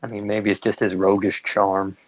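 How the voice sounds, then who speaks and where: A man chatting casually on a podcast, relaxed and agreeable, often giving short replies. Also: on the low side, moderate pace, dry recording, low-quality recording.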